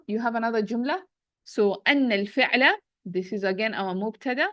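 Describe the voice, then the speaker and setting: A woman teacher takes her students through a grammar text with patient explanations and frequent check-ins. She reads out each passage at speed, then slows right down to unpack it. Her voice sits at a middle pitch, recorded close and dry. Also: no echo. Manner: reads Arabic quickly, then explains slowly. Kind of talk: classroom lesson, explaining and translating a text.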